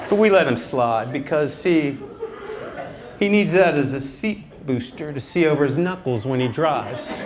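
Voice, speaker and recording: High-voiced stand-up comedian in a club. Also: male voice. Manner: wry storytelling with deadpan asides. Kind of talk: stand-up routine. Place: nightclub stage before a live audience. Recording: live club with audience laughter.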